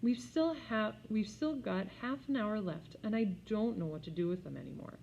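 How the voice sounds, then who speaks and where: A woman's voice: medium pitch, expressive, normal speed, gravelly, a little mellow, slight background noise, pitched above the performer's own voice. A woman voicing a harried young mother who coaxes a room of small children, growing tired, on a slightly dull recording. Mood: coaxing. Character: harried young mother, patient but strained.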